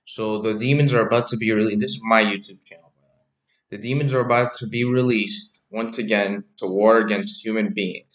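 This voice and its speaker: Low-voiced man preaching in an echoey room. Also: fairly even intonation, normal speed. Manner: chatty, repeats himself, asks "right?" and "okay?". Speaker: religious YouTuber. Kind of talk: casual preaching commentary.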